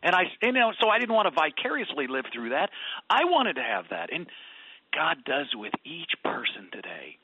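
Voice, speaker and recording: A husky man tells faith stories over a tinny phone line. His voice jumps from loud bursts down to near whispers, with a lively, slightly raised pitch. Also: moderate pace, no room sound. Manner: animated storyteller, swings from loud to whispered. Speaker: radio talk guest. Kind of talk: Christian radio conversation.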